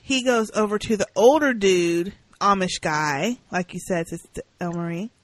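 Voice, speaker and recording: Animated woman recapping a TV episode. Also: medium pitch, normal speed, dry recording, low-quality recording. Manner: animated, acts out characters' lines. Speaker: podcast co-host. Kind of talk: casual recap chat.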